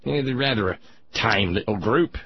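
A man doing an older media mogul speaks in a mild, dismissive way with an Australian accent. The tone is husky and low-key, and the sound is dull and lo-fi. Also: expressive, moderate pace.

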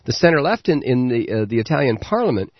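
A man hosting a political talk radio show, delivering a sarcastic commentary monologue with frequent halting fillers. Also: medium pitch, sing-song, dry recording, highs cut off.

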